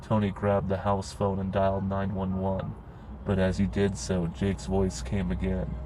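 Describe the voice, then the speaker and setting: A man narrating a horror story in a grim, steady storytelling manner. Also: low-pitched, measured pace, over music, rough recording.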